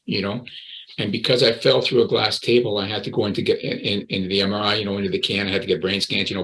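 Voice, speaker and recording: A man's voice: fairly low pitch, little pitch movement, quick pace, a bit bright, poor audio. A man in his sixties, a recovery coach, earnestly telling his personal story in an interview and often repeating his words.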